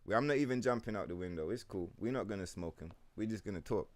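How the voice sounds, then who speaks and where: A man's voice: on the low side, fast, no echo. A young man streaming a game, ranting casually with lots of profanity and playful mock voices. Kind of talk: casual livestream rant while gaming.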